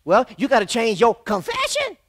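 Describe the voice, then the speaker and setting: A man with a strikingly high, bright voice preaches a sermon to his church. He drives points home through repetition and keeps calling on the congregation to say the words back to him. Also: wildly swooping pitch, moderate pace. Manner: emphatic, repetitive, calls on the congregation to respond. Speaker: pastor.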